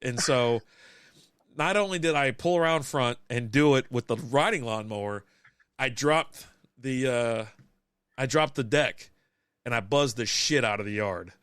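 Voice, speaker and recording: A man's voice: medium pitch, unhurried, fairly bright tone, smooth, no room sound, studio quality. A man from Texas co-hosting a casual beer podcast, telling stories with frequent laughter and plenty of swearing. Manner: laughs often while storytelling, swears freely. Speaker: podcast co-host. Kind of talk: casual chat over beers.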